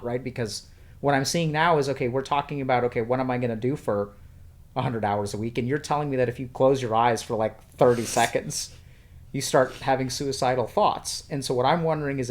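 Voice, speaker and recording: A man, a psychiatrist, speaking in a measured way and asking probing questions in a counseling-style talk. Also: medium pitch. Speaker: psychiatrist guest. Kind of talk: counseling conversation.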